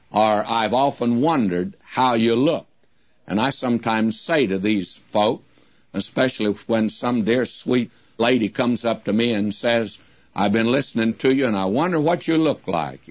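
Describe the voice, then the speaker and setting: An older man delivers a radio Bible sermon at an unhurried, deliberate pace, stretching out each quoted verse. His voice is dry and close, with no room echo. The sound is dull and muffled, like an old broadcast recording. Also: medium pitch. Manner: slows to a drawn-out crawl when quoting scripture.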